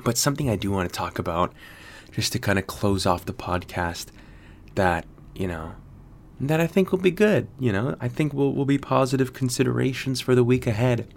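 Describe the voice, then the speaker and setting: A man's voice: mid-range voice, normal speed, creaky, a little hiss or hum. An American man hosting a podcast, rambling casually with lots of fillers and swearing. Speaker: podcast host. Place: Sydney.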